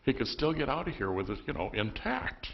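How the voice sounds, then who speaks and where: A man's voice: mid-range voice, sing-song, a little fast, creaky, highs cut off. A man preaching a sermon as pastor, telling the story conversationally with emphatic bursts. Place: church.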